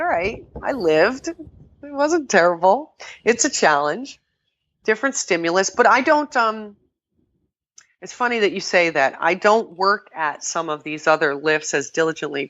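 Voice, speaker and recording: An older woman, a podcast guest, chatting casually and telling lively stories, often quoting herself and laughing. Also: lowish voice, lo-fi sound. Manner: animated storytelling, quotes herself, laughs often. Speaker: podcast guest, kettlebell sport athlete. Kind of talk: casual interview chat.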